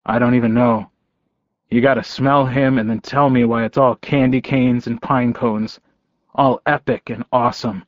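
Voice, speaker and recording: Man voicing a high eager werewolf kid, breathless questions, dry close sound, slightly dull recording. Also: fairly even intonation, normal speed, dry recording, lightly acted. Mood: gushing. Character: excited young boy werewolf, eager chatterbox.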